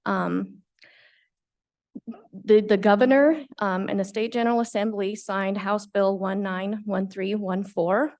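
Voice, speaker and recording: Female local resident from Colorado, gravelly voice, public comment. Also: mid-range voice, fairly even intonation, unhurried, darkish tone. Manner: plain, with fillers.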